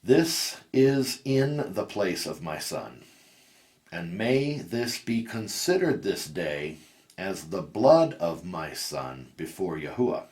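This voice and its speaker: A solemn old patriarch making a slow declaration, voiced by a man. His voice is very deep and measured. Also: very animated, a little mellow, full character voice. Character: aged patriarch offering a sacrifice, solemn.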